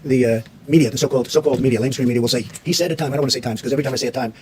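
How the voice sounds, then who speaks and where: A man's voice: mid-range voice, steady tone, racing, noisy background. A man, the president, answering reporters at a press briefing in a combative, repetitive way.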